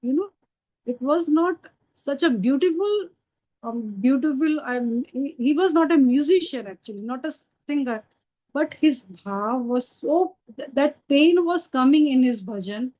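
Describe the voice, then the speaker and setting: A woman spiritual teacher tells a devotional story in earnest, unhurried narration with simple phrasing. Her voice is high and mellow. The recording is dull and lo-fi. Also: lively intonation.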